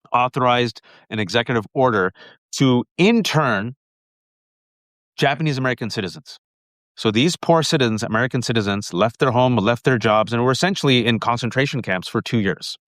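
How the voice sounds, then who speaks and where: A middle-aged man with a New York accent hosting a live political commentary stream, talking rapid-fire and emphatic, calling his viewers folks. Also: mid-range voice, fairly bright tone, no room sound, clean studio sound. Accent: New Yorker. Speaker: political commentator and show host.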